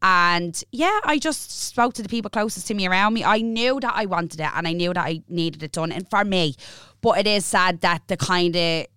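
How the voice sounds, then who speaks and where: Frank, animated Irish woman in her twenties. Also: lowish voice, moderate pace, clean tone, no echo, clean studio sound. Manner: frank, animated storyteller, swears freely. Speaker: podcast co-host. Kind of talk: casual podcast chat.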